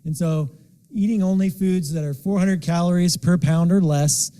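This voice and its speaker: Deep mellow-sounding guy lecturing a class, a bit loose, restarts here and there. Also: moderate pace, clear, resonant tone. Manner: loose, with restarts while he sets up the slides. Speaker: lifestyle medicine lecturer. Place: lecture room.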